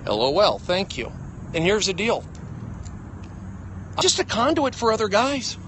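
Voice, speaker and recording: A middle-aged man rants into a phone held at arm's length, his slightly high voice leaping wildly between loud outbursts and low mutters. The noisy outdoor recording carries plenty of background sound. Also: wildly swooping pitch, measured pace. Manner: agitated, shouty, jumps between loud bursts and low mutters. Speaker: comedian livestreaming. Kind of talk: rambling livestream rant.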